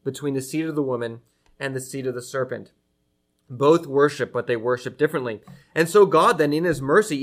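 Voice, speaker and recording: A pastor preaching an earnest, emphatic sermon to his church, slowing down to stress key phrases. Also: mid-range voice. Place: church with an online audience.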